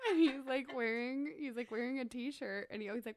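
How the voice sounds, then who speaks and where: A woman's voice: on the high side, quick pace, hardly any pauses, slight background noise. A young woman chatting casually and telling a story with lots of acted-out quotes. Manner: animated storyteller, acts out quotes. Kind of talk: casual chat.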